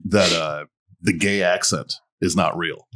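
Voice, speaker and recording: A man with a somewhat low voice hosts a casual podcast chat. He rambles through crude, profane stories and breaks into laughter easily. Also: steady tone, a little slow, a bit bright, slight background noise. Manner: loose storyteller, laughs often, profane. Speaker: podcast host.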